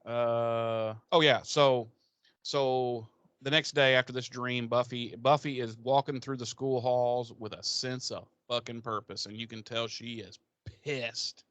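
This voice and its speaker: A man co-hosting a podcast, retelling an episode in casual, profane, animated chat. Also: medium pitch, unhurried, no room sound, muffled recording. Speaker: podcast co-host.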